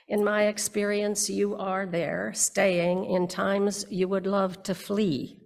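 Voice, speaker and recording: An older woman preaches a reflective sermon in a slow, unhurried way. Her voice has a gravelly edge. She gives her readings a measured, dramatic weight. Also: mid-range voice, little pitch movement. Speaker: minister. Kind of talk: reflective sermon with read poetry.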